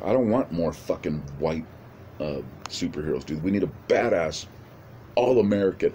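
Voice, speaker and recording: A man with a very low voice pitching a movie idea in a loose, rambling way, swearing freely and restarting his sentences. A faint hiss sits under his voice. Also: darkish tone. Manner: rambling, profane, many restarts. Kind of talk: casual rambling monologue.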